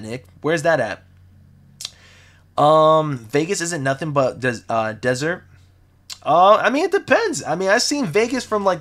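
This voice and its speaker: A man's voice: a little high, a bit bright. Laid-back slangy young man streaming. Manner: laid-back, slangy, repeats himself, talks to chat as family. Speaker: sneaker livestream host. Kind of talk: casual livestream chat reading comments. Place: home, lives in the city.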